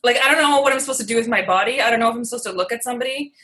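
A woman guest on a casual podcast talks in a rambling, self-deprecating way and breaks into giggles often. Her voice sits a little high and sounds bright and sharp. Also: racing. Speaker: comedian guest.

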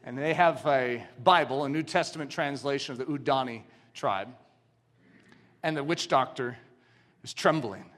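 A man's voice: mid-range voice, normal speed, a bit bright. A man preaching a sermon, telling a story dramatically and asking his audience questions. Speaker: pastor.

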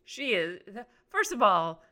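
A woman co-hosting a podcast, tossing out dry, sarcastic quips in loose conversation. Her voice is bright and edged, and her pitch swings widely as she jokes. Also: sing-song, takes it slowly. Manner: sarcastic, joking commentary. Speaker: podcast co-host. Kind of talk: casual chat.

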